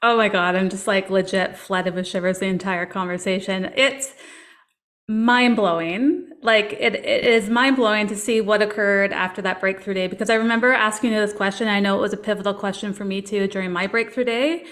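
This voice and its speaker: A woman hosts a podcast in an earnest, encouraging way, speaking at an everyday pitch. She leans on filler words as she builds her questions. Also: steady tone, a little fast, a bit bright. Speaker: podcast host, coach. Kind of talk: casual podcast conversation.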